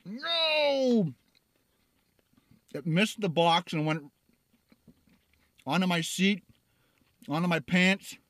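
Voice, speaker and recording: A man's voice: fairly high pitch, slow pace, pauses often, a bit bright, no room sound. Middle-aged man reviewing food with mouth full. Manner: eating while talking, mouth full. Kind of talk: casual food review vlog. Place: in a car.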